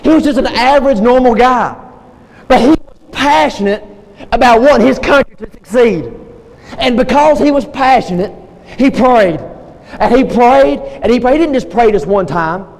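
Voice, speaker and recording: A man's voice: very high-pitched, animated, moderate pace, a little mellow. A man preaching a sermon, retelling a story with passion and repeating his key phrases. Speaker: pastor. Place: church sanctuary. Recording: long reverb in a church hall, faint noise.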